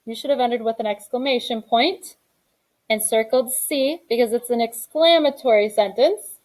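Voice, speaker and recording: A woman's voice: a little high, normal speed, a little mellow, low-quality recording. A young adult woman teaching a grammar lesson in a classroom, reading each exercise aloud and then explaining the answer.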